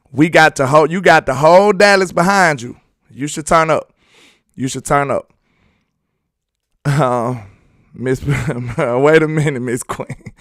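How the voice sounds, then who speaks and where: A man hosts a loose, rambling sports talk stream, slipping into asides to his chat and laughing easily. His voice sits a little high for a man, with a smooth, resonant ring. The sound is close and dry with no room around it. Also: a bit bright, dry recording. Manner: laid-back, rambling, chats with viewers and laughs often. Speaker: sports talk show host.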